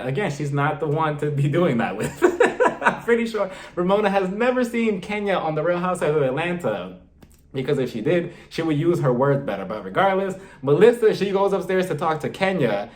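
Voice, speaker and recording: A man giving a casual, animated review of a reality TV episode. He acts out quotes and laughs often. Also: on the high side. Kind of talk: casual commentary vlog. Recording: roomy echo.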